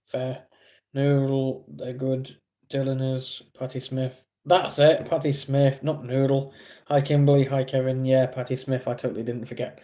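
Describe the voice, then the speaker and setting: A man's voice: medium pitch, flat delivery, normal speed, dark tone. A man with an English accent streaming live, chatting casually with viewers in a rambling, self-deprecating way.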